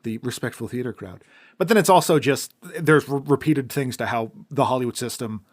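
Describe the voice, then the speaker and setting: Male podcast co-host, casual rambling film talk, mid-pitched voice, trails off into quiet asides. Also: fairly quick.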